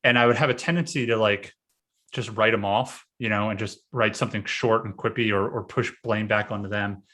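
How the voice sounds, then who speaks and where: A man talking casually on a podcast, halting with many fillers and restarts. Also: fairly low pitch, fairly even intonation, bright, forceful tone. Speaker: podcast host, guest this episode. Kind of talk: casual conversation.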